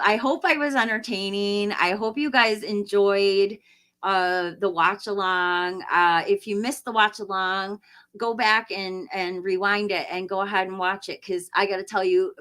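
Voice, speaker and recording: A woman's voice: medium pitch, fairly bright tone. A woman hosting a live stream, chatting casually with viewers, tired after hours of talking, laughing often and rambling. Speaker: livestream host. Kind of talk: casual live chat reading viewer comments.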